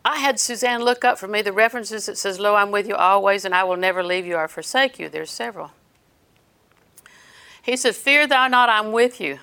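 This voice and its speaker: A woman's voice: mid-range voice, a little fast, gravelly, fairly bright tone. A woman preaching a sermon in an earnest storytelling way, quoting scripture as she goes.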